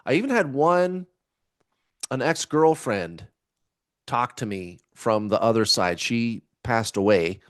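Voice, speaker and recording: A man's voice: mid-range voice, lively intonation, takes it slowly, no echo. Laid-back rambling man, dry sound. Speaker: spiritual vlogger. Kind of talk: casual chat to camera.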